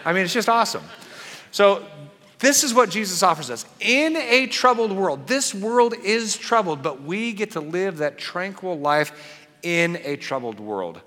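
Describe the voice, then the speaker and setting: A pastor preaching a sermon in an animated, conversational way with playful asides. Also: male voice, sits high, a little slow, long reverb tail.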